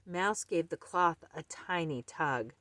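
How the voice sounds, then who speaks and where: A woman reading a children's picture book aloud at an unhurried pace. Her lower voice rises and falls with lively expression. The sound is close and dry. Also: dry recording. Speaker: storyteller.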